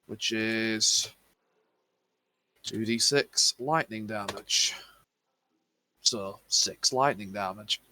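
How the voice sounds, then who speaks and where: A man's voice: lowish voice, drawn-out words, pauses often, sharp tone, a little hiss or hum. A man playing in a tabletop game, chatting casually in a dry, matter-of-fact way. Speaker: player. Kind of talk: casual tabletop gaming chat.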